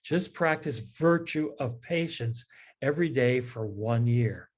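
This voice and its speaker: A man voicing a calm, gentle bishop who answers in a soothing, patient way. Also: mid-range voice, a little slow.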